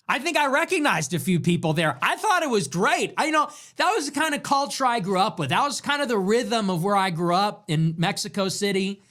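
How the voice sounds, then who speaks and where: A man's voice: sits high, sing-song, normal speed, fairly bright tone. A young man hosting his own livestream, ranting and joking sarcastically about the news. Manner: mocking, joking, rants. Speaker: political streamer host.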